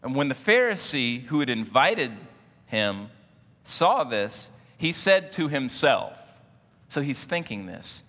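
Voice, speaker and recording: A man preaches in a church with a bright, forceful tone, joking easily and putting questions to the congregation. His words ring out with a long hall reverb behind them. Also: mid-range voice, very animated, slow pace. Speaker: pastor. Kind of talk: sermon.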